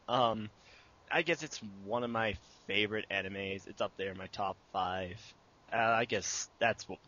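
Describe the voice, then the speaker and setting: A man's voice: lowish voice, a little slow, pushed and bright, dull audio. A young man answering interview questions about making his abridged series, casual and rambling with many fillers.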